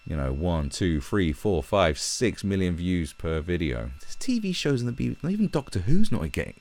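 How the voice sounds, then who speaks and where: A man's voice: deep voice, moderate pace. A young British man on a live stream, ranting heatedly and swearing as he talks from his own room. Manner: profane, animated, heated.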